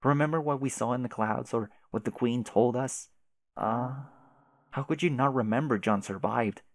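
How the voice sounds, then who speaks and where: A man doing a patient companion, hushed and coaxing, steady under strain, read aloud from a comic. The voice stays gentle and low-key while urging her on. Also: moderate pace, dry recording, lightly acted.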